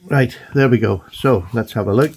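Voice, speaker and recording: A man chatting excitedly and gushing as he unboxes and admires his new knives. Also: medium pitch, normal speed, a little hiss or hum. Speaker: knife collector vlogger. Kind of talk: casual unboxing chat.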